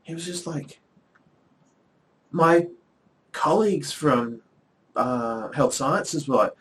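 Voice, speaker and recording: A man's voice: a little high, slow pace, pauses often. A middle-aged man, chatting casually to the camera in a rambling, wry way with lots of ums. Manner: rambling, chatty, with frequent ums and dry asides. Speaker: vlogger and academic.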